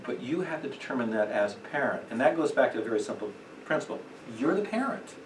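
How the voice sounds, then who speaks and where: A man's voice: mid-range voice, fast. A middle-aged man teaches a church parenting class in an easy, conversational way, full of fillers and asides. His voice sits mid-range. It comes from a distant mic in an echoey room with a noisy hiss behind it. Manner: conversational, with lively acted quotes and fillers.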